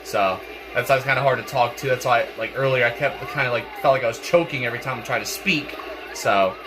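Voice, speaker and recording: A man's voice: mid-range voice, fast talker. A young man, stuffy and congested, rambling through casual gameplay commentary with lots of fillers and repeated words. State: congested, clearing throat. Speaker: gaming channel host. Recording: game music playing behind.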